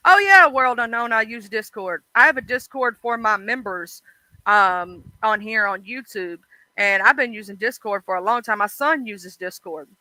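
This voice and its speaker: Woman streamer, casual livestream chat, blunt and swearing, sharp bright tone, dry close mic. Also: fairly high pitch, normal speed, no echo, rough recording. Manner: blunt, chatty, swears freely. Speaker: livestream host.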